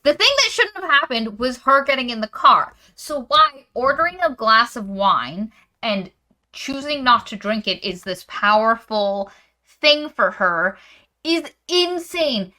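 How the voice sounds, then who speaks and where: A woman's voice: a little high, lively intonation, measured pace, pushed and bright. A woman co-hosting a podcast, chatting casually and sarcastically as she roasts a novel, swearing freely. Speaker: podcast co-host. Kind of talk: casual book-roast chat.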